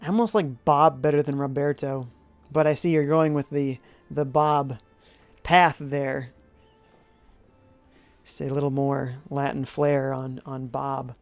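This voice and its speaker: Medium in pitch and steady in tone, the streamer talks at a measured pace with frequent pauses, recorded dry with soft music behind. He reads viewer chat aloud, muses out loud, and hums while deciding what to do, keeping things chatty.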